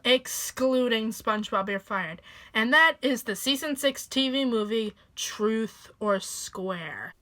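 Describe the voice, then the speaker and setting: A woman's voice: fairly high pitch, pushed and bright. Snarky woman reviewing cartoons. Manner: snarky, sarcastic. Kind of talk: casual review narration.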